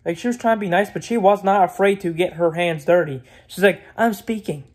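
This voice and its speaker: A man's voice: high-pitched, brisk. A man vlogging in a casual, rambling rant, blunt and opinionated, repeating himself and swearing freely.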